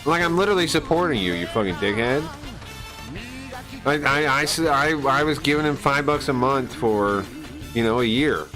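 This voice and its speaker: A man's voice: medium pitch, expressive, moderate pace, music in the background, rough recording. A man on a live stream ranting casually. He swears a lot, sounds aggrieved and rambles with restarts.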